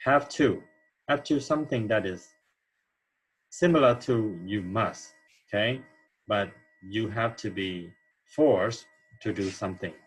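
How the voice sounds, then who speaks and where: Slow, husky-voiced male English teacher. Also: lowish voice, low-quality recording. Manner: slow, explanatory, checks in with "okay?". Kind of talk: grammar lesson walkthrough.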